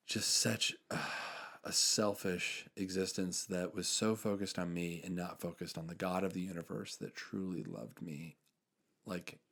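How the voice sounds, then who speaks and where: A deep-voiced young man hosts a podcast, sharing stories of faith in a sincere, casual conversation. He uses lots of filler words, and his endings fade gently away.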